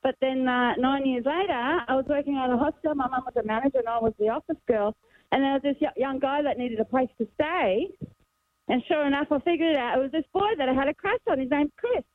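High-voiced Australian woman on a phone line. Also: quick pace, no echo. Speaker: caller. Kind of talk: phone-in anecdote.

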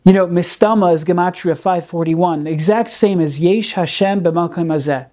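A man gives a Torah class in a mellow, soft-edged voice. He is earnest and emphatic, and he leans on key words by repeating them. His talk is full of Hebrew terms. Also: high voice, normal speed. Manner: peppers speech with Hebrew terms. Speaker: Torah teacher.

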